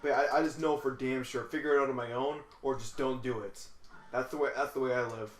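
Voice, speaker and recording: A man's voice: medium pitch, steady tone, fairly quick. Guy rambling thru a work story, swears a lot, trips over his words, roomy echo. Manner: profane, stammering restarts. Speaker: podcast host. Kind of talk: casual late-night storytelling. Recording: echoey room.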